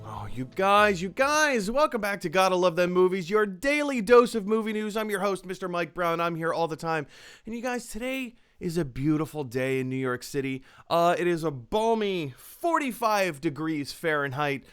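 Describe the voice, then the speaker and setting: Excitable male host, high and smooth voice, chatty and animated. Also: moderate pace, faint music behind. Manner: excitable, storytelling. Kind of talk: casual chat. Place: apartment.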